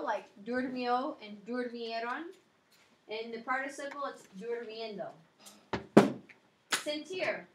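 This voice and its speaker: A woman's voice: fairly high pitch, fairly bright tone. A woman teaching a Spanish grammar lesson, explaining patiently and checking in with her listeners. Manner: explains patiently, checks in with "okay" and "all right". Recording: echoey room with faint noise.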